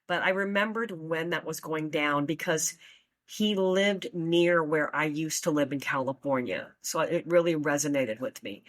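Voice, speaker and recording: A woman's voice: low voice, a bit bright, dry recording, clean studio sound. A woman hosting her own podcast, talking casually and folksily to her listeners with plenty of fillers. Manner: chatty, folksy, with many fillers. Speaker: podcast host.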